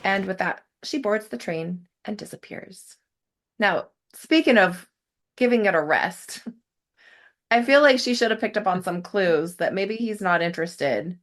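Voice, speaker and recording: A young adult woman podcast host recapping an episode, animated and quick to laugh. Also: mid-range voice. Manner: animated storytelling, laughs often. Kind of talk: recap commentary.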